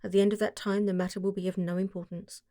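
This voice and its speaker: A woman reading the part of a masked foreign nobleman, formal and guarded, with a deep, harsh voice and a German accent. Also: flat delivery, fast, mellow, no echo, studio quality, close to an everyday voice. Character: masked foreign nobleman, giant, haughty and secretive.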